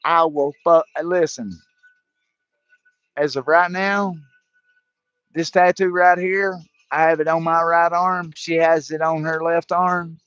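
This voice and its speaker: Slow, profane man ranting on a livestream. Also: on the high side, steady tone, a bit bright, smooth, no echo. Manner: profane, heated, stumbling restarts. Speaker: livestream host. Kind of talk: angry political rant. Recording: dull lo-fi livestream audio.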